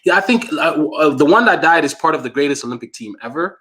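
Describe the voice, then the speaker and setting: Bright-voiced man explaining boxing rules. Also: fairly high pitch, expressive, fast talker. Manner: explanatory, conversational, many fillers. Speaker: co-host. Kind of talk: casual podcast chat.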